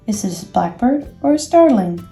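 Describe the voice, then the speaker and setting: A woman voicing a bossy, scheming male rabbit in a storybook reading, plotting, ending on a loud command. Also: on the high side, very animated, moderate pace. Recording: echoey room, faint music.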